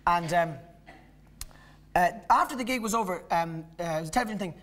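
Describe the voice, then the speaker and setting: Irish guy doing stand-up, rambly stories, higher voice for a man. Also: expressive, fairly quick, fairly bright tone. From Ireland. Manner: rambling, self-interrupting storytelling. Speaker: stand-up comedian. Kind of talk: live stand-up comedy. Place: stage in a live comedy venue.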